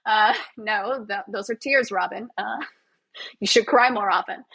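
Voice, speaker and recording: A woman's voice: medium pitch, measured pace, gravelly, a bit bright, slightly rough, rough recording. A woman, a physiotherapist and actor, guesting on a podcast in casual, self-mocking, sarcastic chat.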